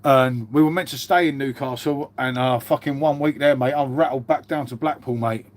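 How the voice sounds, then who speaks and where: A man's voice: medium pitch, moderate pace. A man in his fifties hosting a casual live stream, rambling through stories, swearing freely and calling everyone mate. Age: 50s.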